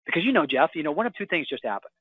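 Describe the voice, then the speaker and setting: A man telling real estate deal stories as a guest on a phone interview, in an energetic sales-pitch manner from a hotel room. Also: rapid-fire, slightly rough, no room sound. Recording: tinny dry phone line.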